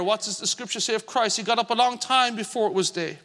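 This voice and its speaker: High, bright-voiced preacher in a hall. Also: male voice. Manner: earnest, reads scripture slowly with emphasis. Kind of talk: sermon.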